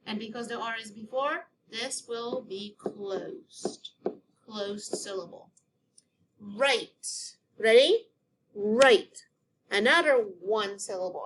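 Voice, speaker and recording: A woman teacher giving a recorded phonics lesson to children, sounding out words slowly and clearly. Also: a little high, noisy background.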